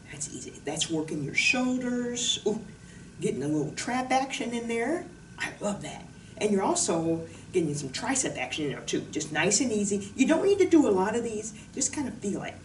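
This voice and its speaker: A woman's voice: a little high, distant mic. Bubbly woman fitness instructor, roomy sound. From Pacific Northwest of the US. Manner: bubbly, jokey, chatty. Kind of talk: casual exercise demonstration. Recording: roomy echo, voice from off the mic, faint noise.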